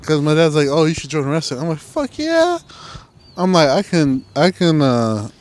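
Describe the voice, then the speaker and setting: A young man co-hosting a casual podcast tells stories full of swearing, animatedly acting out the quotes in casual chat. His voice is on the high side and a little fast.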